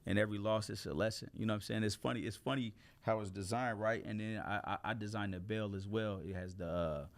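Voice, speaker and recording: Here a male comedian, appearing as a guest, spins stories through a relaxed interview, full of laughter and energy. Punchlines come out as shouts, reflective moments sink low and quiet, and he talks fast.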